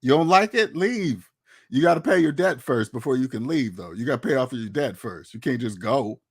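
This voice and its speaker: A man's voice: medium pitch, lively intonation, moderate pace, husky. A man giving casual, blunt commentary on money and taxes, lecturing his viewers with many rhetorical questions. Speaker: finance commentator. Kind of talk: casual opinionated talk to camera.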